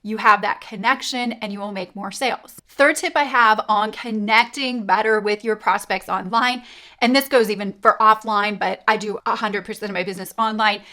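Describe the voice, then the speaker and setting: A woman's voice: fairly high pitch, sharp tone. A middle-aged woman from Canada giving upbeat, emphatic sales coaching tips straight to camera. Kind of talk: direct-to-camera coaching talk.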